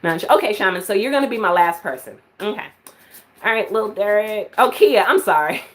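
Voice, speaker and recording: A woman's voice: mid-range voice, animated, brisk, a little hiss or hum. A woman giving live-stream psychic readings, chatty and full of filler words, at times laughing. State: out of breath. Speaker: psychic reader.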